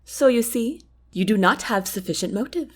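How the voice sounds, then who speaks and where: A woman voicing a thoughtful, guarded young queen in an audiobook, formal and measured. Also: a little high, lively intonation. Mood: earnest. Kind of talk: audiobook character reading.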